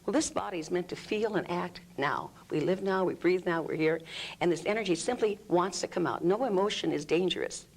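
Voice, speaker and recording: A woman with a lowish, creaky voice speaks briskly in an interview, explaining an energy healing technique. As she talks she demonstrates groans, sighs and other vocal sounds. She's in a room under studio lights.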